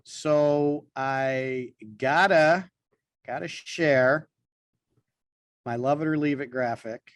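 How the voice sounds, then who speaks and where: Higher-pitched man explaining, dry sound. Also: slow, no echo. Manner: explanatory, conversational. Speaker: podcast co-host. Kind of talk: business podcast talk.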